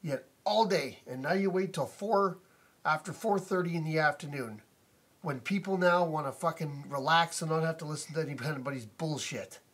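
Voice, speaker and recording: Husky-voiced man ranting at home. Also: fairly high pitch, moderate pace, fairly bright tone. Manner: indignant, repeats himself, swears often. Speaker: vlogger complaining about a noisy neighbor. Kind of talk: angry profane rant to camera. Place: inside his house.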